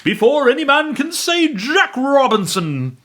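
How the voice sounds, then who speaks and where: A man's voice: extremely high pitch, big pitch swings, a little slow, pitched above the performer's own voice, heavily acted. A man voicing a jovial, stout old male merchant with a rich, oily voice, hollering heartily. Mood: jolly, booming. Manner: hearty shouting with laughter.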